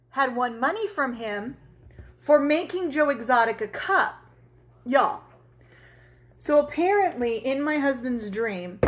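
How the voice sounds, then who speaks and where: A woman's voice: sits high, fairly bright tone. A woman hosting a casual crafting livestream, telling a story in a chatty way and talking to viewers as she works. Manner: chatty storyteller, answers viewers, swears and laughs freely. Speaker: tumbler crafting livestream host.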